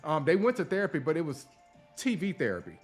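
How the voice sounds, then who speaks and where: A man's voice: a little high, fast. Male podcast host, blunt, profane, ranting commentary, faint background music. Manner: blunt, profane, animated rants. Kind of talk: casual opinion commentary.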